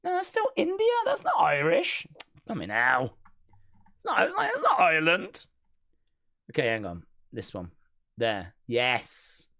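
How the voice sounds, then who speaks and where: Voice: mid-range voice, huge pitch swings, a little slow, long pauses, pushed and bright. A live stream host chatting casually during a watch-along, playfully reading out viewer comments. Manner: chatty, playful, reads chat comments aloud.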